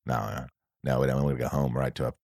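A man putting on a deep laid-back kiwi crew guy. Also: fairly even intonation, very fast, gravelly, darkish tone, dry recording, clean studio sound, heavily acted. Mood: dismissive. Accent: put-on New Zealand. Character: laid-back male New Zealand film crew member.

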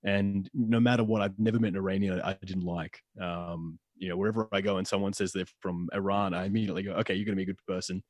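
A man, a podcast guest talking in a quick, chatty way and often restarting his phrases. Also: sits low, fairly even intonation, a little mellow, dry recording. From Australia. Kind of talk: casual podcast chat.

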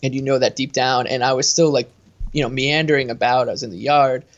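A man's voice: mid-range voice, fairly quick. A man telling a story in a casual sports chat, rambling and cutting himself off as he goes. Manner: rambling, self-interrupting, animated storytelling. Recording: dull lo-fi sound.

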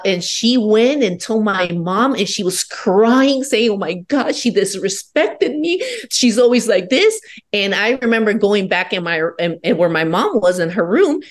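A woman from Peru tells candid stories as a podcast guest, swearing freely and speaking with emphasis. Her voice sits fairly low for a woman, and she sounds defiant. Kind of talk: candid personal storytelling.

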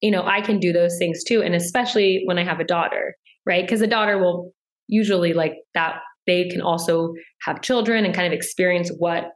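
Chatty young woman, lowish voice. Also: steady tone, fairly quick. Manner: chatty, many filler "like"s. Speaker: podcast guest. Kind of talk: casual interview chat.

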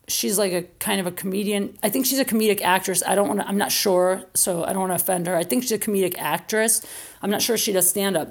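A woman telling a comedic anecdote on her podcast, animated, acting out friends' lines and swearing freely. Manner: animated, acts out quotes with raised pitch, swears freely. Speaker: podcast host. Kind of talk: storytelling, casual comedic anecdote.

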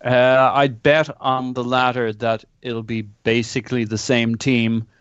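Smooth-voiced man on a dull line. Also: mid-range voice, unhurried, no echo. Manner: relaxed, speculative, some stammering. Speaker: podcast guest. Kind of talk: casual chat.

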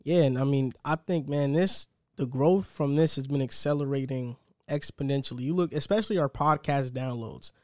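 A man's voice: medium pitch, normal speed, few pauses, a little mellow, no room sound, clean studio sound. A young man hosting a casual sports podcast, chatty and upbeat, rambling a little as he talks. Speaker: podcast host.

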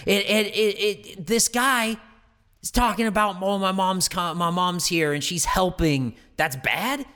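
A man playing Jason Voorhees as a slow, rambling, goofy roommate in an improvised courtroom sketch. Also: sits high, pushed and bright, smooth. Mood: worked up. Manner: rambling, goofy, self-justifying. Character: Jason Voorhees, dim-witted immortal slasher roommate.

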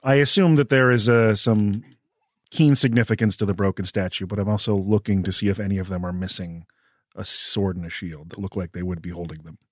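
A man's voice: on the low side, fairly even intonation, dry recording, studio quality. A man speaking as his character in a tabletop game, careful and a little formal. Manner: measured, careful, slightly formal. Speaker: player. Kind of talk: tabletop role-play in character.

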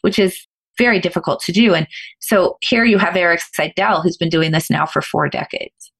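Woman with a gravelly, lively storytelling voice. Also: on the low side. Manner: animated, fast-flowing anecdotes with restarts. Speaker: guest, former professional poker player. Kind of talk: storytelling in a podcast interview.

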